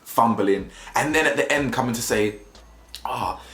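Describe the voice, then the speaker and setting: A man's voice: medium pitch, normal speed, fairly bright tone. A young man giving slangy, mocking casual commentary as a video reviewer, laughing often. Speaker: YouTube reviewer. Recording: roomy echo, faint music.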